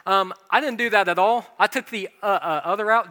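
A man preaching a sermon as a pastor, telling funny, self-deprecating stories from his own life. His voice sits fairly high and sounds bright and crisp. It rings out with a long reverb, as if in a large hall. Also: fast talker, few pauses. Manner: humorous, self-deprecating anecdotes. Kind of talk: storytelling sermon.

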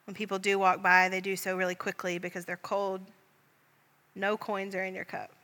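A woman leading a guided Christian prayer meditation in a gentle, calm voice, speaking directly to the listener as "you". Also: medium pitch, moderate pace, in a large hall. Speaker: prayer leader.

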